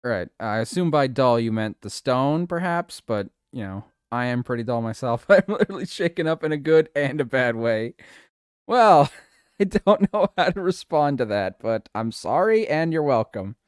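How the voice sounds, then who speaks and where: A man's voice: medium pitch, lively intonation, moderate pace, clear, resonant tone, dry recording, clean studio sound. A man streaming live, chatting casually with his viewers, giggling a lot and swearing playfully.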